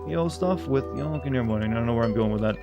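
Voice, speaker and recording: A man's voice: medium pitch, rapid-fire, vocal fry, dull audio, music in the background. Rambling, chuckling male game streamer. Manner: rambling, chuckling, fumbling over pronunciations. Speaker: streamer playing a video game. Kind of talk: casual live-stream commentary.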